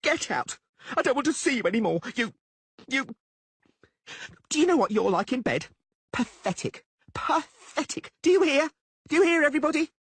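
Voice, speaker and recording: A man's voice: extremely high pitch, sing-song, moderate pace, pauses often, a bit bright, dry recording, voice pushed up, full character voice. A man voicing a furious plump blonde woman, screaming insults in an audiobook. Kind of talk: audiobook character voice.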